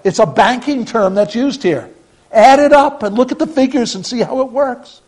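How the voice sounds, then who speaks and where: A male pastor delivering a sermon in a notably high voice. He speaks with earnest conviction, pressing hard on key phrases and then dropping almost to a murmur. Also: breathy edge, poor audio. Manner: earnest preaching, swings from emphatic to hushed.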